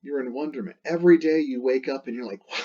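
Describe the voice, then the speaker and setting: A man's voice: medium pitch, quick pace, mellow, highs cut off. A man teaching a Latin text in a chatty, playful way, repeating and rephrasing as he explains.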